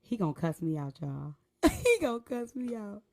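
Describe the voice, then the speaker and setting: Woman host, casual and profane, nervous laughs, very lively pitch. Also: moderate pace, gravelly. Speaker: podcast host. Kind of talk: casual chat.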